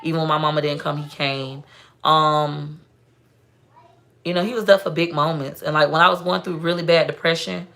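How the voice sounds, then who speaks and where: A woman's voice: low voice, steady tone, moderate pace, creaky, a bit bright. A young woman chatting casually to viewers on a livestream, telling family stories. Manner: chatty, storytelling, talks straight to viewers. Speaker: livestream host. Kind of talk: casual live-stream chat.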